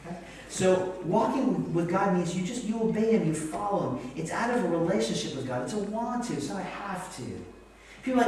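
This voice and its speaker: A man in his forties preaches with a lively, swooping delivery and a somewhat high pitch. He acts out the voices he quotes. The sound is very roomy and picked up from a distance, with faint room hiss behind him. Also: moderate pace. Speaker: pastor. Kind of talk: sermon. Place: church sanctuary. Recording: echoey church hall mic from a distance.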